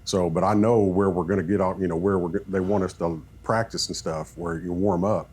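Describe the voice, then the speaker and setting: A man who coaches football, telling animated stories in a podcast chat and acting out what people said. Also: low-pitched, brisk, husky. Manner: animated storyteller, acts out quoted talk.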